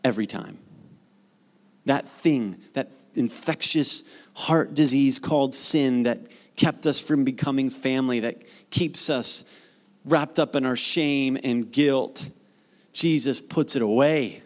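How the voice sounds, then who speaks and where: A middle-aged man preaching a sermon as pastor, conversational and animated, building to emphatic repeated lines. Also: medium pitch, takes it slowly. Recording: long hall reverb.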